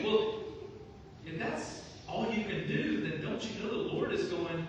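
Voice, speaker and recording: A male pastor preaching a sermon in a church, telling stories in a lively way and often repeating his phrases. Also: high voice, measured pace. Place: church sanctuary. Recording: echoey hall from far off, noisy.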